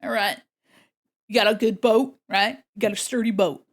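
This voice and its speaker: A woman's voice: mid-range voice, steady tone, normal speed, natural voice. A woman voicing a boastful Southern fishing buff in a put-on Southern US accent, full of folksy catchphrases during a comedic stream bit.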